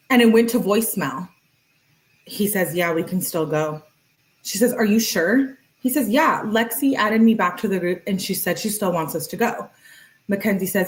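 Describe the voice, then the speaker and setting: A woman's voice: medium pitch, moderate pace, low-quality recording. Woman reading texts with sarcastic asides. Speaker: true crime commentator. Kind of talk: reading text messages aloud with commentary.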